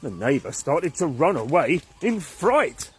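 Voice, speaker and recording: A man reading a children's story aloud with lots of expression. His pitch climbs and dips constantly, with a slightly raised tone and a faint hiss in the background. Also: sing-song, a little slow.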